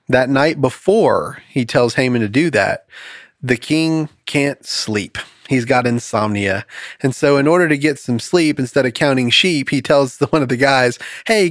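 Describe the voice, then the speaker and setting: A man hosting a casual Bible study podcast, telling stories with animated voices for the characters. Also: medium pitch, no room sound, studio quality. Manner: animated storytelling, acts out characters. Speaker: podcast host.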